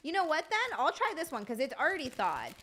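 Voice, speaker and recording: A woman's voice: sits high, huge pitch swings, a little fast, pushed and bright. A young woman chatting casually on a live stream, swearing freely and greeting viewers by name.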